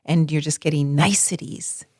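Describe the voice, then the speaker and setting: A woman co-hosting a podcast, chatting casually and telling stories with expressive acted quotes. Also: low-pitched, moderate pace, no room sound, studio quality. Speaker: podcast co-host. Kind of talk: casual conversational podcast chat.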